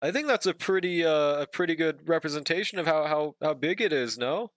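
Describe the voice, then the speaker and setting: Male streamer, higher voice, dry close sound, chatty and profane, hums while drawing. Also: expressive, a little fast, fairly bright tone, no echo. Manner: joking, profane, hums to himself. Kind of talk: casual live-stream chat while drawing.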